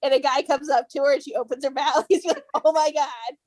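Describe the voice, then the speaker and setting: A woman co-hosting a podcast, joking bluntly in casual chat and laughing loudly. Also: sits high, fairly even intonation, quick pace, rough recording.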